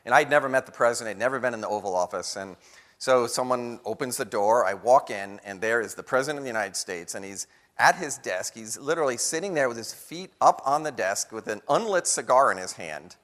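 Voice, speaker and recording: A man giving a lively storytelling talk to an audience, acting out the voices of people in his story. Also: medium pitch, brisk. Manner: animated storyteller acting out quotes. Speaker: guest speaker. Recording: long hall reverb.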